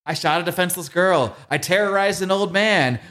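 A defiant clown villain sneers at his enemy, as a man puts him on. The voice sits noticeably higher than a plain speaking voice and pushes out with force. He sounds cornered but unbowed. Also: a little fast, sharp tone. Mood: taunting.

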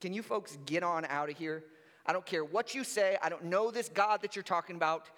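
A preacher dropping into a deep, scornful king's voice, curt and dismissive, waving people away. Long hall reverb trails each line. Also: brisk, fairly bright tone. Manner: brushing off, curt. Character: dismissive haughty male king, scornful. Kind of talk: sermon.

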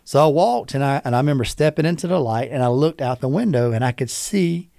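Guy on a podcast telling a heavy personal story, earnest and emotional, mid-pitched voice, dry close sound. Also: animated, fast talker, gravelly, warm tone, no echo. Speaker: podcast guest.

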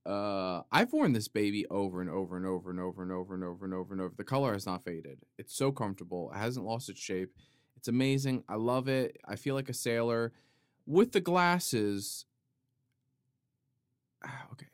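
Playful rambling man with a lively voice. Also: lowish voice, quick pace, clear, resonant tone, no echo, studio quality. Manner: playful, goes off on tangents, sudden loud outbursts. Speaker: podcast host. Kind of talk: rambling comedic monologue.

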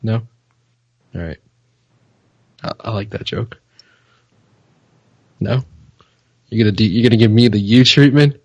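A man co-hosting a casual sports podcast, teasing and telling jokes deadpan. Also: lowish voice, unhurried, long pauses, slightly rough, no echo, dull audio. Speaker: podcast co-host.

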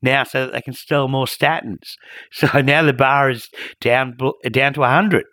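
A man's voice: mid-range voice, steady tone, a little slow, bright, forceful tone, no echo, clean studio sound. A man co-hosting a podcast, chatting casually and commenting with a few hesitant restarts. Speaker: podcast co-host.

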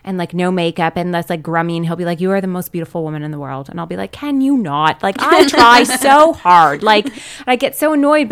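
A woman's voice: lowish voice, smooth. Young woman, podcast guest; emphatic, heartfelt, chatty delivery. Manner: emphatic, heartfelt storytelling with lots of "like". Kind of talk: casual chat.

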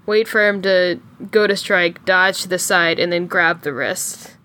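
A woman's voice: on the low side, steady tone, measured pace, bright, forceful tone. A woman playing in a tabletop game, speaking casually in brief turns. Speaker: player.

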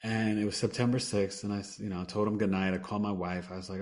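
A man's voice: lowish voice, flat delivery, fast, darkish tone. A man who is a podcast guest, telling a personal story earnestly and acting out what people said. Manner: earnest, acts out quoted dialogue, trails off and restarts.

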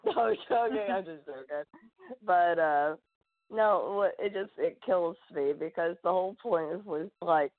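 A woman's voice: on the low side, unhurried. A woman co-hosting a podcast, rambling and joking as she retells film scenes. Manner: animated, rambling, jokey. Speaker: podcast co-host. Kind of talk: casual chat. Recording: tinny phone-like line.

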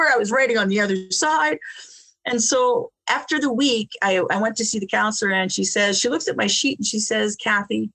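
A woman guest telling her life story in an interview, animated, often repeating words and laughing between phrases. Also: medium pitch. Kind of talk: personal storytelling in conversation.

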